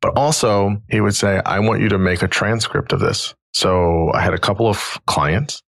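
Gravelly-voiced man telling a story. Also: fairly low pitch, moderate pace, no echo. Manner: animated storyteller, quoting others in his own voice. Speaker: podcast host. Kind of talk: casual storytelling conversation.

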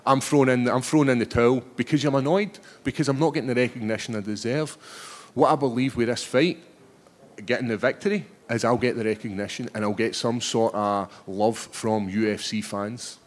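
A Scottish fighter in his thirties talks to reporters after a bout. He is cheeky and animated, and his words tumble out with restarts. His voice sits in a plain middle register. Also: mid-range voice, moderate pace. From Scotland. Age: 30s. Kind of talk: post-fight press scrum.

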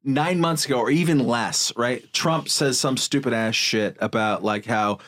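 A man co-hosting a political podcast, talking casually in an animated, profane way, rambling with fillers. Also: mid-range voice, a little slow. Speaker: podcast co-host.

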